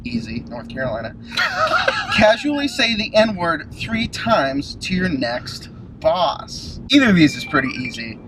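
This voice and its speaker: A man's voice: sits high, very animated, slow. Guy in the passenger seat, giggles and hems, voice jumps around, light road noise. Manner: laughs a lot, hesitant and squirming. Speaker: guest. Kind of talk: casual comedy chat. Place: inside a car.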